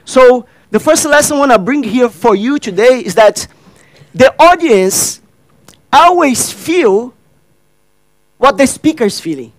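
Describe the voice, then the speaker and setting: Man giving a workshop talk, very high voice, dry close sound, asks the crowd questions. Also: expressive, a little slow, long pauses, no room sound, poor audio. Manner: addresses and questions the audience, acts out dialogue; non-native grammar, repeats phrases. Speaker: workshop speaker. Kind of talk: interactive stage talk.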